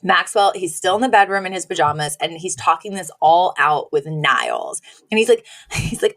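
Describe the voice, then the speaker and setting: A woman's voice: lowish voice, lively intonation, normal speed, fairly bright tone. A woman co-hosting a podcast, recapping a sitcom episode in a chatty way, laughing often and acting out quotes from the characters. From Washington, D.C. area. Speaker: podcast co-host. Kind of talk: casual recap chat.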